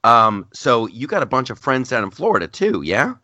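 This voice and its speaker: A man hosting a podcast in casual chat, relaxed and talking in restarts. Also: medium pitch, moderate pace, dry recording, dull audio. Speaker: podcast host.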